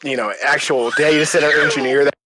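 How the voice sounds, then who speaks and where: A man's voice: fairly high pitch, steady tone, fast talker, bright, forceful tone, a little hiss or hum. Chatty man calling into a podcast. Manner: chatty, explains things. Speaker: caller. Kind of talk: casual chat on a call. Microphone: call recording.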